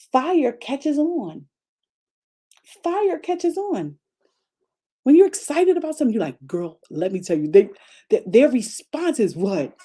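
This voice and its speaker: A woman pastor giving a lively motivational faith talk, repeating phrases for emphasis and firing rhetorical questions. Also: mid-range voice, breathy edge. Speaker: pastor and coach.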